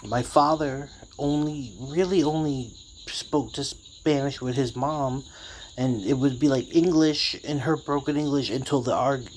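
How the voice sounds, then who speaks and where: A man's voice: mid-range voice, darkish tone, a little hiss or hum. A man telling a casual story, rambling and profane, full of streetwise slang.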